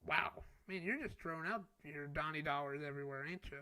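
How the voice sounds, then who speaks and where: A man's voice: on the high side, fairly quick, sharp tone, clean tone. A man co-hosting a casual podcast chat, teasing his friend and laughing often. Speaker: podcast co-host.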